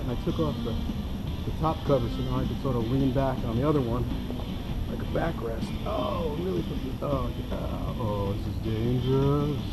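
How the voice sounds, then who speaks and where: This rough recording captures a man with a mid-range voice demonstrating his hammock setup outdoors among trees. He reviews outdoor gear, and in this casual vlog he's enthusiastic and rambling, frequently stopping mid-sentence.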